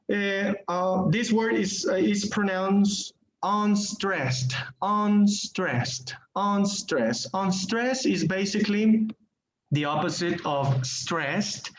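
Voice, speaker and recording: Male English teacher, unhurried, patient, roomy lo-fi call audio. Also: high voice, a little hiss or hum. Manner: patient, explains with examples and repeats words. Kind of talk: online class lesson.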